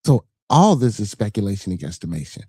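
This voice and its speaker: A man's voice: lowish voice, big pitch swings, fairly quick, mellow, slightly rough, no room sound. A man hosting a podcast, giving loose, rambling, slang-heavy commentary peppered with swearing. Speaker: podcast host commenting on a clip.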